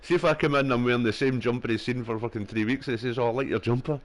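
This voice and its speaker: A man's voice: medium pitch, very fast. A young man, chatting casually and rambling with lots of fillers and swearing while he plays a game. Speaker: gaming streamer. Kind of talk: casual chat while gaming.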